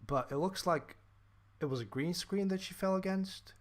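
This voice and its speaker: Young guy ranting on a podcast, kinda high voice, swears a lot, does mocking voices. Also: moderate pace. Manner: animated, swearing, mocking voices of film characters. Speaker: podcast co-host. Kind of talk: casual ranting movie review.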